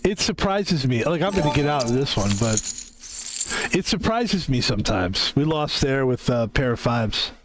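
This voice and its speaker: A man's voice: mid-range voice, very animated, moderate pace, noisy background. A man streaming a card game and chatting casually, rambling and joking with plenty of swearing. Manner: rambling, jokey, swears freely. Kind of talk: casual gameplay commentary.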